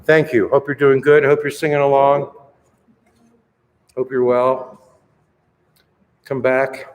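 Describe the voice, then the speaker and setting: A man leading a choir rehearsal, counting in and coaching singers with brisk encouragement. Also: mid-range voice, level tone, lo-fi sound, slight background noise. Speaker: choir director. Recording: reverberant hall with music playing.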